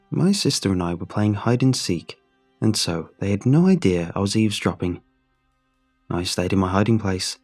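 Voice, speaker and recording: A man with a low, husky voice reads a horror story aloud. His delivery is measured and somber, and faint music plays quietly underneath. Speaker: narrator. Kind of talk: scripted horror narration.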